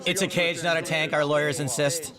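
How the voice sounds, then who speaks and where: A man's voice: fairly high pitch, steady tone, a little fast, a crowd in the background. A man doing wisecracking color commentary with dry, sarcastic quips.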